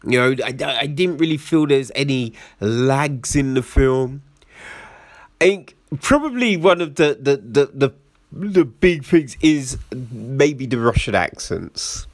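A man's voice: mid-range voice, lively intonation, slow, no echo, clean studio sound. A man giving a casual film review in a chatty way, laughing often and asking "right?" after his points.

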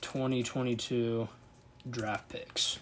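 A man's voice: medium pitch, flat delivery, takes it slowly, fairly bright tone, a little hiss or hum. A man hosting a casual sports video, commenting on a football draft, thinking aloud and reacting with disbelief.

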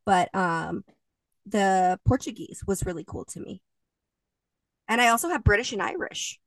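A young woman co-hosting a podcast talks in loose, chatty bursts, laughing often and swearing now and then. Her voice has a gravelly edge. She sits a little back from the mic in a dry, unechoing space. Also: medium pitch, animated, measured pace, fairly bright tone, no echo, recorded from a distance. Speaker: podcast co-host. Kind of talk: casual chat.

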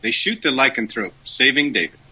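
Brief: male podcast co-host, husky bright voice, wry and lively recap. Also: mid-range voice, a little fast. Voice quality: wry, deadpan jokes. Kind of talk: casual chat and plot recap.

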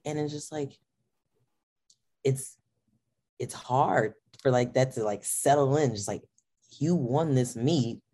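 Her voice is very deep, mellow, and slightly rough. A young adult powerlifter guesting on a podcast, she chats casually and animatedly, laughing often and acting out her own comments.

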